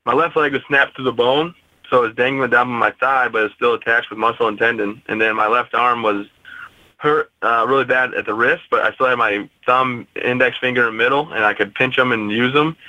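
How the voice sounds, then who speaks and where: A man in his twenties telling a personal story as an interview guest, steady and matter-of-fact. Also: medium pitch, a little fast, no room sound, poor audio. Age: 20s.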